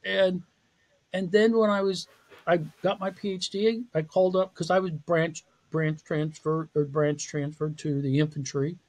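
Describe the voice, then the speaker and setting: A man's voice: fairly high pitch, little pitch movement, measured pace, a little mellow. A man speaking as a podcast interview guest and psychology professor, telling his career story in a candid, self-deprecating way with frequent laughs.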